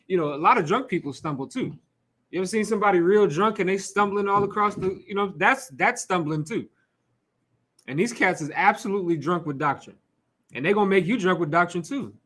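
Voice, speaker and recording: A man's voice: sits high, fairly bright tone. A man leading an informal sermon in a casual, conversational way, throwing out rhetorical questions, asides and the odd curse word. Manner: laughs and asides to the room. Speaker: teacher leading a scripture class.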